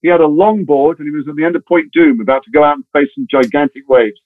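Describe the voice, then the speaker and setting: Fast-talking man on a tinny line. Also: a little high, no echo. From England. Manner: chatty, many restarts and wry asides. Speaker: guest actor. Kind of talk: anecdotal interview storytelling. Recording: tinny phone-like dry sound.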